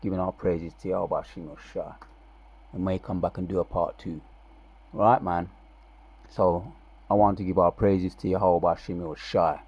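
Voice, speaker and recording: A man giving casual religious commentary, reading scripture aloud with loud, drawn-out emphasis between relaxed, slangy asides. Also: low-pitched, slightly rough. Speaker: religious video preacher.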